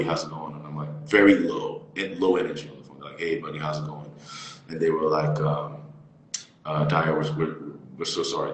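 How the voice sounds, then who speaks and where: A man with a very deep voice tells an animated story, slipping into the voices of the people he quotes. He sounds like he is in a very echoey room, and a long reverb trails his words. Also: a little hiss or hum. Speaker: actor guest. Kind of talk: storytelling in an interview. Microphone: phone or laptop on a live stream.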